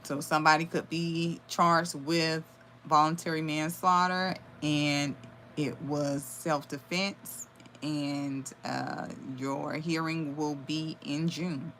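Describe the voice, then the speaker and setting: A woman's voice: deep voice, level tone, slow, fairly bright tone, slight background noise. A woman giving a live tarot reading, channeling messages aloud with sudden exclamations and blunt swearing. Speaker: tarot reader.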